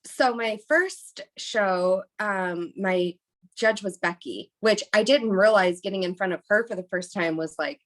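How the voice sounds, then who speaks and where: A woman's voice: mid-range voice, unhurried. A young woman, a bikini competitor, chatting as a podcast guest and rambling through a story with many fillers. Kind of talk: casual interview storytelling.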